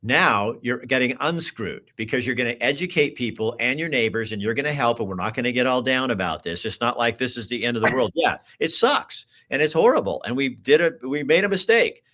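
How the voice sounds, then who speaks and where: An emphatic man hosting a talk show, his voice at an ordinary middle pitch. He talks in a preachy, exhorting way, repeating himself and restarting phrases as he presses his point. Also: lively intonation, fairly quick, hardly any pauses, pushed and bright. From Oregon. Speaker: host. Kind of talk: political talk show, reading viewer comments.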